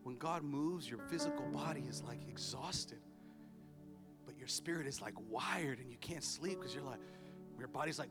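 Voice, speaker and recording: A man preaching a sermon as pastor, telling a family story with humor and building to loud exhortation. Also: a little high, normal speed. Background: music.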